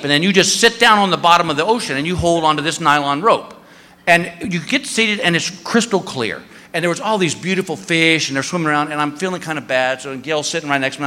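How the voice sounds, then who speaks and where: Male stand-up comic, high lively voice, live hall sound. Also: fast talker, slight background noise. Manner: animated, acts out voices with big jumps. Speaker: stand-up comedian. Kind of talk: stand-up comedy storytelling. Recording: live hall reverb, faint ambience.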